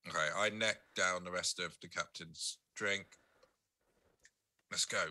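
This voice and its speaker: A man playing a tabletop game as a guest, firing off jokey asides and quick questions. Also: deep voice, steady tone, background noise. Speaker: guest player.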